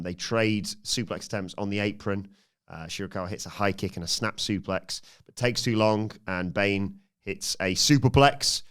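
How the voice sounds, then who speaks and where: A man co-hosting a podcast, briskly recounting a wrestling match blow by blow with frequent fillers. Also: on the low side, a bit bright, clean tone. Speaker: podcast co-host.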